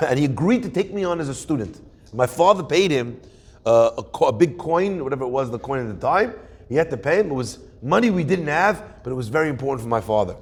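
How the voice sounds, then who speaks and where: A man, a rabbi giving a weekly Torah class, telling stories in an animated way and acting out quoted voices. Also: mid-range voice, slightly rough.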